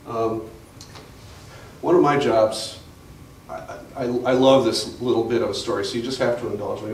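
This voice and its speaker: An older man telling rambling family anecdotes to an audience at a museum talk, often restarting his sentences. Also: medium pitch. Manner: rambling storyteller with frequent restarts and fillers. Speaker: guest speaker at a museum talk. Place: museum gallery, recorded from the audience. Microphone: distant camera mic. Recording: echoey room from far off, faint hiss.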